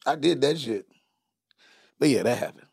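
A man from Chicago's west side, in his forties, telling profane stories in an animated casual chat as a podcast host. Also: mid-range voice, normal speed, creaky, breathy edge, no echo, clean studio sound. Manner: animated, profane storytelling with quoted voices.

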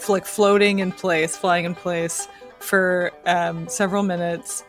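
A woman's voice: on the low side, flat delivery, slow pace, faint music behind. A woman playing a tabletop game, casually narrating her character's actions. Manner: casual, storytelling. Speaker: player.

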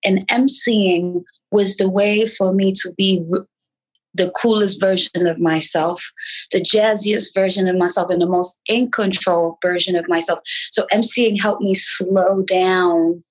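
A woman from New York, a rapper talking in a casual interview, with a nasal voice and halting speech full of restarts. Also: fairly even intonation, poor audio. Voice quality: nasal, sometimes high-pitched. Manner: frantic, halting speech with many restarts and fillers. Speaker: rapper guest.

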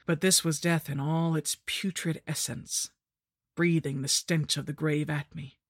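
A woman narrating a horror story in the first person, with a measured, grim delivery. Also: deep voice, fairly even intonation, no echo, studio quality. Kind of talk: scripted narration.

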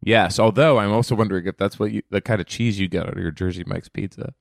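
A man's voice: lowish voice, fast talker, gravelly, no room sound, clean studio sound. A man co-hosting a comedy podcast, rambling as he riffs on absurd ideas in improvised banter. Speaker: podcast co-host.

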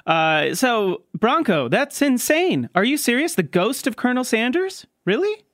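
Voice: mid-range voice, sing-song, a little slow, fairly bright tone, dry recording, studio quality. Ведущий комедийного шоу говорит бодро, но сбивчиво, часто начиная фразы заново. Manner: hesitant, restarting, upbeat. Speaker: host. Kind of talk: improvised comedy show hosting.

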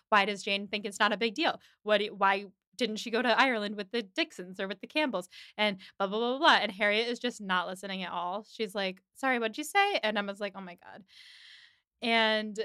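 A woman's voice: mid-range voice, pushed and bright, smooth, no echo, studio quality. A woman hosting a casual podcast chat, animatedly retelling a TV episode and acting out the characters' lines. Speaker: podcast host.

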